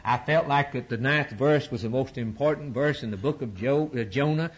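A man's voice: moderate pace, slightly rough. A man preaching a sermon to his congregation, fervent and repetitive, with sweeping rises and drops in his voice. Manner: fervent preaching with repetition and dramatic pitch swings.

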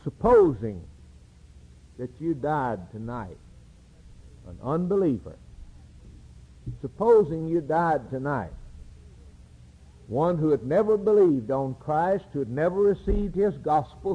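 Slow, husky male preacher. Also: fairly high pitch, sing-song, phone-quality sound. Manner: dramatic, solemn preaching. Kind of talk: sermon.

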